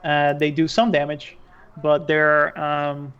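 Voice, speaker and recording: A man's voice: a little high, monotone, slow pace, fairly bright tone, clear, resonant tone. A man narrating a tabletop game as game master, hesitant with many fillers. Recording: dull lo-fi stream audio.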